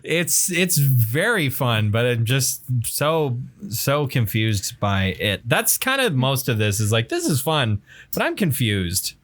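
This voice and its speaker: A man's voice: mid-range voice, wildly swooping pitch, slow, a bit bright. A man co-hosting a music podcast in casual chat, rambling with lots of fillers and restarts. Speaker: podcast co-host.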